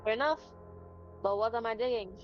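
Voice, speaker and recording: A woman's voice: on the high side, highs cut off, a little hiss or hum. Insistent woman game player. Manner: quick, insistent, talks in-character. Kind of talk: casual tabletop game chat.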